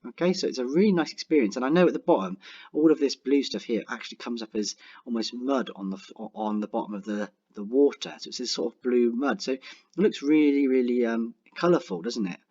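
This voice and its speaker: A young man teaching a writing lesson online, talking clearly and encouragingly and slowing down to dictate example sentences. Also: mid-range voice, a little mellow, muffled recording. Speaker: primary school teacher.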